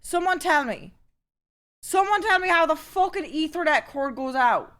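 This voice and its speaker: A young woman streaming live, chatting casually and cursing freely, given to loud rants. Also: high voice, lively intonation, moderate pace. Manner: foul-mouthed, swings into loud ranting outbursts.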